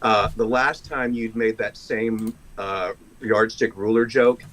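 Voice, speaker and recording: A man's voice: lowish voice, steady tone, slow, a bit bright. A man attending an online service, speaking in casual chat with a dry, teasing manner over a video call.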